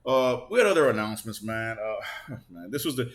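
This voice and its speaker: A man's voice: on the low side, normal speed. A man hosting a gaming channel, ranting casually and sarcastically with lots of swearing, a bit stuffed up. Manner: profane, animated, sarcastic. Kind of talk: casual on-camera rant.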